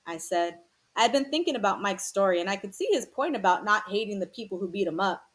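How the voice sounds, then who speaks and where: A woman's voice: mid-range voice, lively intonation, brisk, fairly bright tone. Woman reading a novel aloud. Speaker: audiobook reader. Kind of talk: first-person novel narration.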